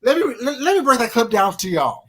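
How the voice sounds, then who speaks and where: Mid-pitched voice, hesitant, stumbling, drawls words, gossip co-host. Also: sing-song, a bit bright, breathy edge. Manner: hesitant, stumbling on repeated words and fillers, drawls some words slowly. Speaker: livestream co-host. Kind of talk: casual gossip chat.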